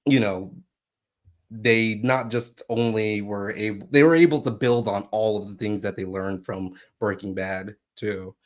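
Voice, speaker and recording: A man's voice: fairly low pitch, unhurried. A man with a Southern US accent co-hosting a casual podcast, reading news aloud and arguing his points. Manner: reads news aloud, thoughtful, defends opinions. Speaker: co-host.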